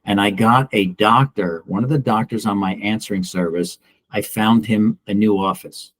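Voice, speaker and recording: A middle-aged broker leads a casual training session for agents. He speaks bluntly and with animation, and he acts out the people he quotes. His voice sits somewhat low and comes across dry and close. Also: fairly even intonation, moderate pace, dry recording. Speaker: real estate broker and trainer. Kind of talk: casual office training talk.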